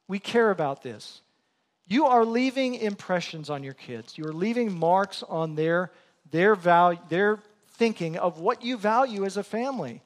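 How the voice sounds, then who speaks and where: High-voiced middle-aged man preaching a sermon. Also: animated, moderate pace. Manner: earnest, self-deprecating storytelling. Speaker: pastor.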